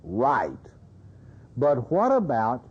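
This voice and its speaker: A man's voice: mid-range voice, wildly swooping pitch, drawn-out words, slightly rough. A man giving a seminar lecture in a conversational way, often checking in with his audience. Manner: conversational, keeps checking in with "you see". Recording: dull lo-fi lecture tape.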